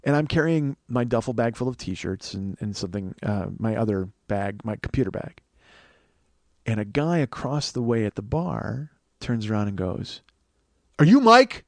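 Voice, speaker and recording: A man's voice: fairly low pitch, moderate pace, darkish tone, dry recording. A man in his forties, a comedian hosting a podcast, telling a story in a profane, rambling, ranting way. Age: 40s. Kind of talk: casual comic storytelling.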